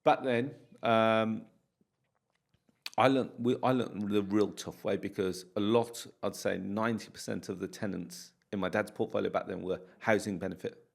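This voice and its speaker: Low gravelly-voiced man telling stories. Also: moderate pace. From United Kingdom. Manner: animated storyteller, acts out dialogue. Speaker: podcast guest, property landlord. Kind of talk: casual podcast interview.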